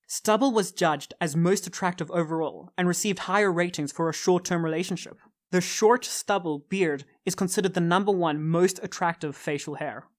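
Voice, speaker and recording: A man narrating a scripted self-improvement guide in a flat, matter-of-fact manner. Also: high voice.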